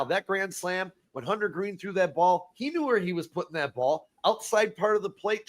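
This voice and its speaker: A man co-hosting a casual sports talk podcast, excitable and repeating words when he gets worked up. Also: sits high.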